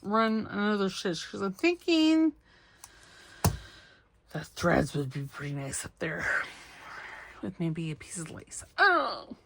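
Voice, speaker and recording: A woman's voice: mid-range voice, fairly bright tone. A middle-aged woman hosting a crafting video, chatting casually and poking fun at herself as she cuts, sews and inks. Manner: chatty, self-deprecating, talks to herself while working. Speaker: craft channel host. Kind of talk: casual crafting vlog talk.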